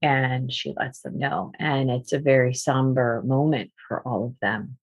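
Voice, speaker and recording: A woman storyteller telling a folk tale in a lively, animated way, with asides to her listeners. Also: extremely low pitch, a little slow, muffled recording. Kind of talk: oral storytelling performance.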